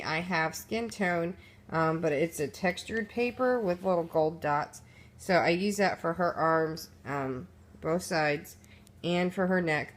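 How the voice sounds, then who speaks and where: A woman with a slightly low voice walks through her craft project in a casual, rambling way. She talks off the cuff with plenty of fillers and restarts and sounds a little sleepy. It is recorded on a phone at home. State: sleepy, yawning. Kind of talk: casual show-and-tell walkthrough. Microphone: phone camera.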